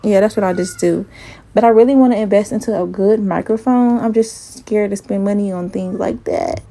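Speaking at a moderate pace with vocal fry, a woman in her twenties vlogs bluntly and casually into her phone camera. Her medium-pitched voice is warm with fairly even intonation; she swears freely and sounds slightly out of breath, captured via phone mic with earbud.

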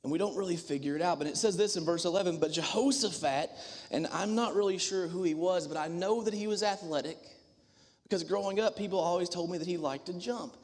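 A man preaching a sermon as the church's minister, earnest and emphatic, with dramatic pauses. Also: sits high, a little mellow. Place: church sanctuary. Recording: long hall reverb.

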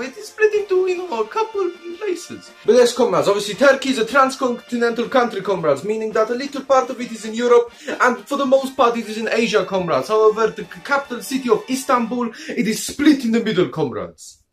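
A young man hosting a comedic country review, rambling and jokey, calling his audience comrades. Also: very high voice. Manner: calls the audience "comrades" constantly; rambling, jokey, playfully crude. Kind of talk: comedic commentary over maps.

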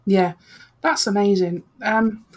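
A woman's voice: medium pitch, slow pace. A woman hosting a podcast interview, asking questions with some hesitation and fillers. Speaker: podcast host.

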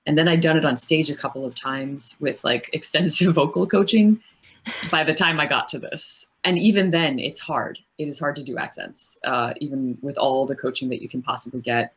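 A woman's voice: low-pitched, moderate pace. A woman voice actress as an interview guest, explaining her craft at length in a thoughtful, casual way with frequent fillers.

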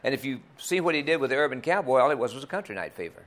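Here an older man, a country singer and club owner, rambles through folksy tales during a TV interview. The voice is mid-range and fairly bright, with a sing-song lilt and a very fast pace.

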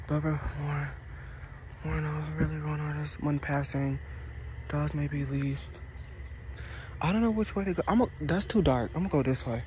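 A young man vlogging casually on a phone while walking a park trail, gushing excitedly and swearing freely. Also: a little high, a little slow, long pauses. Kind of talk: casual vlog chat. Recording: outdoor noise of bugs and frogs. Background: insects and frogs.

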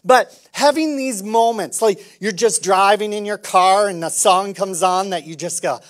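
Man, pastor, sermon, slow delivery, animated, acts out dialogues. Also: high voice. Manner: animated preaching, acts out little dialogues, swings from whisper to shout.

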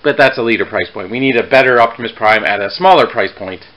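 A man's voice: mid-range voice, fast, fairly bright tone, poor audio. A young man casually reviewing a toy on his vlog, rambling and correcting himself mid-sentence with chatty asides.

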